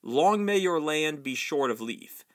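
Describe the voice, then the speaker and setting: A man's voice: fairly high pitch, expressive, unhurried. A man reading aloud, voicing a bitter, ruined old male wizard who sneers, whines and spits scorn at everyone. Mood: greedy. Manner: sneering, whining and spiteful.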